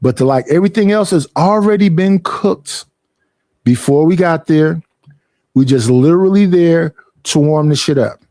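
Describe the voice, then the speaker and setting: A young man talks at an unusually high pitch for a man, swearing freely as he vents in a casual streaming rant. The sound is dry and close, with no room around it. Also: moderate pace, no room sound. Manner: profane, animated complaining.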